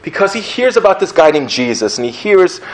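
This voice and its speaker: A man preaching a sermon in a casual, animated storytelling manner, often laughing as he talks. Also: fairly high pitch, a little fast. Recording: roomy echo, faint ambience.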